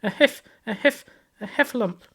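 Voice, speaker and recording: Piglet: a squeaky, panicky little piglet. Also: male voice, normal speed, gravelly, fairly bright tone, breathy edge, heavily acted. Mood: panicked. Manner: squeaky, breathless, stammering. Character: tiny timid male piglet, panicky. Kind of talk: storybook read-aloud.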